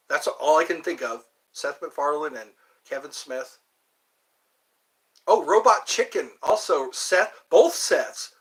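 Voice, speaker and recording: Male host, loose rambling talker, bright forward tone, wanders off topic often. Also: on the high side. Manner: rambling, chatty, thinks aloud and digresses. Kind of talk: casual livestream chat.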